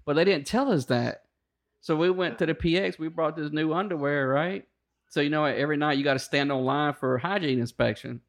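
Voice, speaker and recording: A Marine veteran, a man, telling boot camp stories in a profane, animated casual chat. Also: a little high, brisk.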